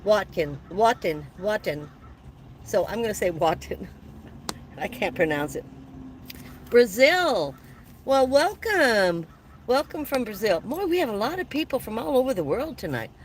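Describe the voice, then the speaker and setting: Her voice sits at a medium pitch with a sing-song quality, moving at a moderate pace broken by long pauses. She's a woman in her seventies livestreaming from her van, reading comments in a chatty way, laughing frequently and warmly thanking viewers. The rough recording has a little hiss or hum.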